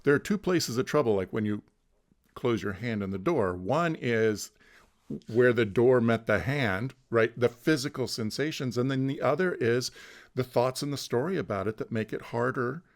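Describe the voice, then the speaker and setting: Guy running an online mindfulness class, thinks out loud, trips over words, laughs a lot. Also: medium pitch, normal speed. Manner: thoughtful, repeats words when restarting, laughs easily. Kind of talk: casual teaching chat. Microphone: online video call.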